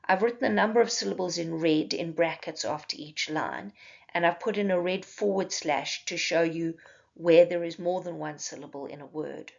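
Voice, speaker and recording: A woman teacher giving a slow, careful recorded slide lesson, spelling out examples step by step. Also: lowish voice, gravelly, dull audio.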